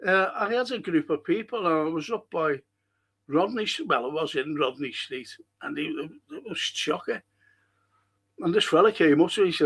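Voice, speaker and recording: A man's voice: fairly high pitch, lively intonation, moderate pace, fairly bright tone, husky. Chatty man hosting a stream. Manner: rambling, chatty storytelling with restarts. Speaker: live stream host reading chat. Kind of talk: casual chat.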